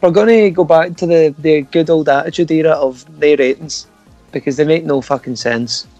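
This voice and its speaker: A young Scottish man hosts a loose, jokey chat, his voice sitting a little high for a man. He teases the others, laughs easily and swears without a second thought. Soft music plays behind him. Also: normal speed, no room sound, lo-fi sound. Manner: teasing, laughs often, swears freely. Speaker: podcast host. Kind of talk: casual banter.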